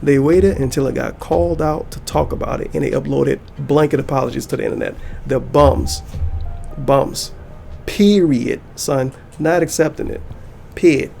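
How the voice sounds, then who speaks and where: A man's voice: mid-range voice, normal speed, creaky, warm tone, faint music behind. A man giving an angry reaction commentary for his channel, ranting heatedly and swearing a lot. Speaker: YouTuber and streamer.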